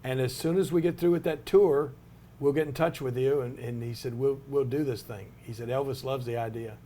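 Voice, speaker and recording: A man's voice: mid-range voice, steady tone, brisk, dark tone, a little hiss or hum. An older man, telling a long anecdote in an interview with many restarts and asides. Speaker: interview subject, retired wrestler. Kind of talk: storytelling in an interview.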